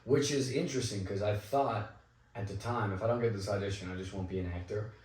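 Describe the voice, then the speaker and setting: A man's voice: fairly low pitch, quick pace, far from the mic. Young man telling stories in an echoey room. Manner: animated anecdotal storytelling with quoted asides. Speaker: actor guest. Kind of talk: casual interview storytelling. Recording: echoey room, a bit off mic.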